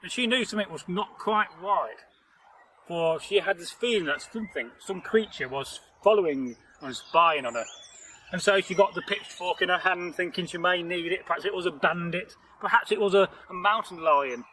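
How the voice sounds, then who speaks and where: This folktale storyteller, who also hosts the channel, has a high-pitched voice that comes across pushed and bright at a moderate pace. The low-quality recording carries a little hiss or hum. Out in nature, he spins the tale in a rambling, chatty way, sharing laughs and jokes with a companion.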